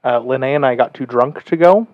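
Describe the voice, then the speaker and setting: A man's voice: medium pitch, normal speed, no echo, dull audio. A man co-hosting a casual podcast, chatting in an easygoing way. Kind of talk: casual chat.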